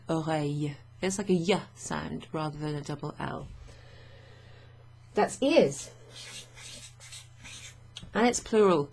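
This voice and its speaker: A woman's voice: sits low, vocal fry, a little mellow, slightly rough. A woman teaching French vocabulary to learners, chatty and thinking aloud with fillers and frequent little laughs.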